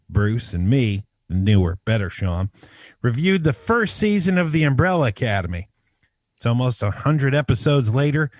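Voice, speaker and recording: A podcast co-host man with a somewhat high, lively voice reads a prepared joke statement word for word. He keeps a mock-serious, deadpan delivery. The sound is dry and close. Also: no room sound. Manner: mock-dramatic, deadpan reading. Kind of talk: reading a prepared comedic bit.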